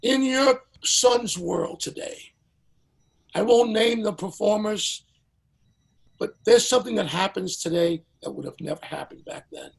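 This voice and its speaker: An older man, a veteran singer, telling a lively anecdote as a podcast guest and acting out the people in it. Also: sits high, measured pace, vocal fry, slightly rough, poor audio. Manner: lively storyteller who acts out the people in his stories. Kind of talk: animated anecdote in a podcast interview.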